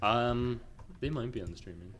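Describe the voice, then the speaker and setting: A young male podcast co-host in loose, casual film chat. His voice sits at an ordinary mid pitch, and he talks in a rambling, excited way that keeps stalling on fillers and restarting. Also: normal speed.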